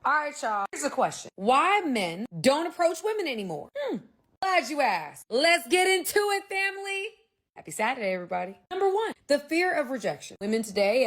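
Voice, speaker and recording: A woman giving casual social-media commentary, chatty and addressing her viewers directly. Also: sits high. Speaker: video commentator.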